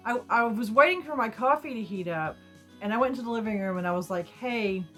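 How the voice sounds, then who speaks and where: A woman's voice: fairly high pitch, quick pace, soft background music. A woman vlogger retelling a personal story in a rambling, chatty way with asides. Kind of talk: casual storytime.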